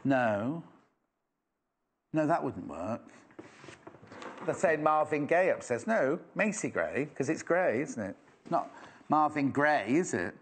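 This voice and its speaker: A man's voice: a little high, lively intonation, slow pace, pauses often, husky. A man from England presenting a live sewing shopping show, chatty and enthusiastic with self-mocking asides. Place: TV studio.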